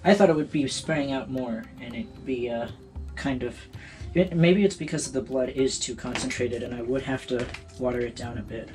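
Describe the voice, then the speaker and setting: A man's voice: mid-range voice, normal speed, music in the background. A man hosting a casual art tutorial, joking and talking to himself as he works. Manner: playful, self-amused, talks to himself while working.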